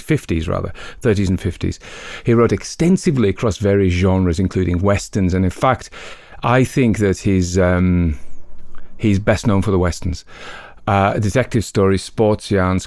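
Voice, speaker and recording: Low-voiced chatty male podcast host. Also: a little mellow, no echo, clean studio sound. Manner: chatty, self-correcting, frequent fillers. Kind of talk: casual commentary between stories.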